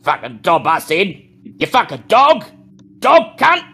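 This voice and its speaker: A man's voice: high voice, wildly swooping pitch, measured pace, vocal fry, slightly rough, pitched above the performer's own voice, full character voice. A man voicing a vicious, swearing young male street thug. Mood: aggressive. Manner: snarling, shouting insults.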